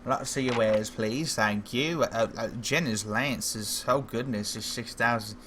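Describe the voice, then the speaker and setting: A man livestreaming a fantasy game, reading the game's text aloud with slow, measured narration and breaking off into wry, joking asides. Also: mid-range voice, fairly bright tone, slight background noise. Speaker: game streamer.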